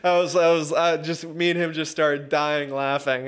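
This interview guest, an MMA referee and judge in his thirties, tells stories in a chatty way full of laughs and fillers. His voice is fairly high and level, with a clean tone, moderate pace and few pauses.

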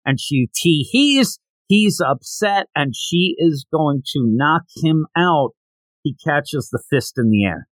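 A man hosting a podcast who gives a casual, animated recap of a comic chapter, with jokey asides. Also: fairly high pitch, no echo, low-quality recording. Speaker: podcast host.

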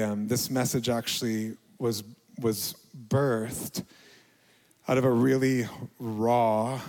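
A middle-aged male pastor giving a reflective, confessional sermon, with quiet dips to near a whisper. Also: fairly low pitch, big-room sound.

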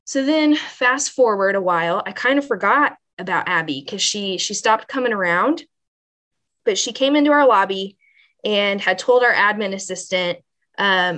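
A woman guest on a podcast, telling an emotional personal story in an earnest, animated way, full of "like" and "you know.". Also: medium pitch, moderate pace. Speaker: pregnancy center manager, podcast guest.

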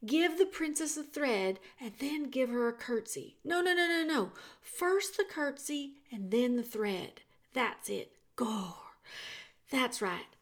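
A woman voicing a loud, clumsy twelve-year-old serving girl who is hard of hearing and talks in blunt, rustic speech. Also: high voice, animated, slow pace, pitched above the performer's own voice. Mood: shouting, eager.

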